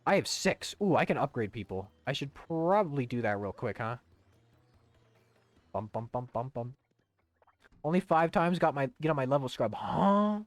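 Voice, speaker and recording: A man's voice: medium pitch, lively intonation, brisk, few pauses, no room sound, faint music behind. A young man casually streaming a video game, rambling, swearing and humming to himself. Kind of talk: casual gaming stream chat.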